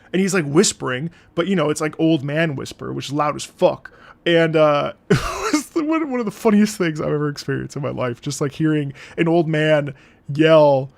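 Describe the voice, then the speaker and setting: A streamer reacting to music chats casually with his viewers in a live stream, his voice fairly high, a bit fast and creaky. He rambles, laughs a lot and swears freely.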